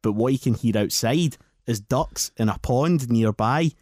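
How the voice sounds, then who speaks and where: A Scottish man telling a sweary, animated anecdote on a casual podcast. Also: mid-range voice, a little slow, no room sound, clean studio sound. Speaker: podcast host. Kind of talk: casual storytelling.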